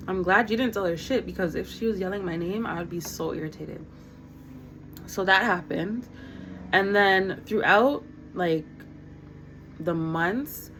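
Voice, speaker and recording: Mulher contando história, direta e animada. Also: female voice, on the low side, a little hiss or hum, low-quality recording. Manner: animated and blunt, swears freely, quotes others. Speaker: vlogger. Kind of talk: casual storytime.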